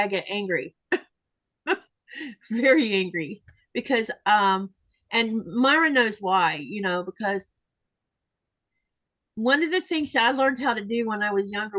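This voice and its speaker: A woman's voice: mid-range voice, pushed and bright, dry recording, rough recording. A woman hosting a casual livestream chat, reading viewer comments aloud and sharing her own feelings.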